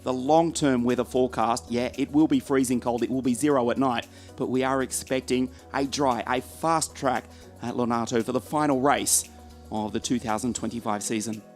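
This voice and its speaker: A man's voice: mid-range voice, moderate pace, soft background music. A man commentating live on a karting race from the commentary box, reeling off drivers and teams and joking with his co-commentator. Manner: lively, joking banter between race calls.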